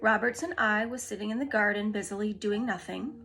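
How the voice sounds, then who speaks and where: Bright-voiced woman reading a storybook. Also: medium pitch, fairly quick, vocal fry, soft background music. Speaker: storybook reader. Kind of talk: reading a children's book aloud.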